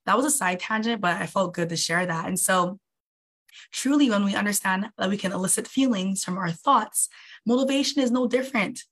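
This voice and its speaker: A young woman working as an online coach gives a casual motivational talk on a livestream, acting out inner voices with big leaps in pitch. She speaks a little fast, with a slightly bright, slightly rough quality.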